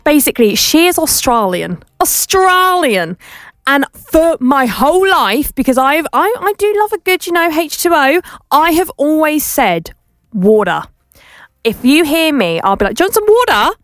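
A young woman hosting a radio show, telling a story in a chatty, animated way. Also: sits high, normal speed, no room sound. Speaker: radio host.

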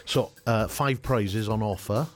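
Deep-voiced, jokey middle-aged radio DJ. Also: male voice, a little slow, soft background music. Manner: chatty, jokey, chuckling. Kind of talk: casual radio chat and quiz. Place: radio studio.

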